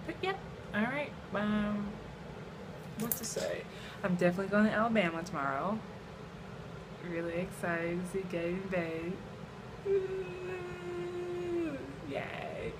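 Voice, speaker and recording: A young woman, vlogging to her phone camera, gushing with excitement and exclamations. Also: mid-range voice. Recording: noisy phone vlog.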